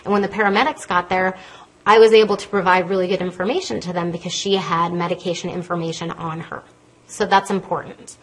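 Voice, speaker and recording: A woman pharmacist giving a lively, conversational health talk to an audience from a podium, a fast talker by habit. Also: mid-range voice. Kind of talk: lecture to a live audience from a stage. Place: stage in a lecture hall. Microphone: podium microphone.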